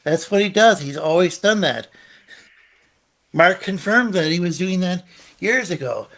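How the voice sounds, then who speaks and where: A man's voice: high voice, lively intonation, measured pace, fairly bright tone. Insistent man making his point. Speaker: stream guest. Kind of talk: casual argumentative chat.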